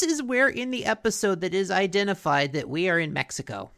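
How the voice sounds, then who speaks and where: Recapping a cartoon episode alongside a co-host, a woman tells the story loosely, leaning on fillers and frequently starting over. She talks briskly in a creaky, fairly bright medium-pitched voice that swings widely in pitch.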